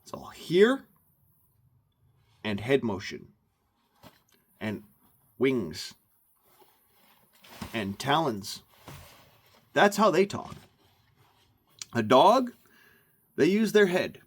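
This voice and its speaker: A man's voice: mid-range voice, very animated, very slow, pauses often, slightly rough. A man ranting into the camera for his vlog, emphatic and meandering, often repeating himself. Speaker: vlogger. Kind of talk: rambling rant to camera.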